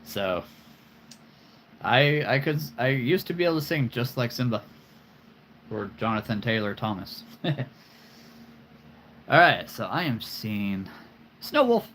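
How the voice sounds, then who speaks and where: A man's voice: mid-range voice, lively intonation, a little slow, long pauses, fairly bright tone, slight background noise. A man in his forties hosting a live stream, chatting casually and playfully about his collection, rambling with chuckles and puns.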